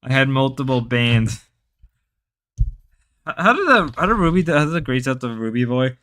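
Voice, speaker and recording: A man's voice: mid-range voice, sing-song, moderate pace, long pauses, sharp tone. A man hosting a casual livestream who rambles on, reads chat messages aloud and stumbles over frequent restarts.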